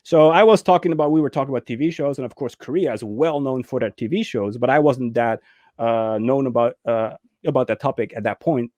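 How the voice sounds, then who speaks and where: A man's voice: medium pitch, fairly quick, dry recording, dull audio. A man co-hosting a casual movie discussion, telling stories with lots of energy and acting out scenes in raised voices. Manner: animated storyteller, acts out scenes in raised voices. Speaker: co-host of a movie talk show.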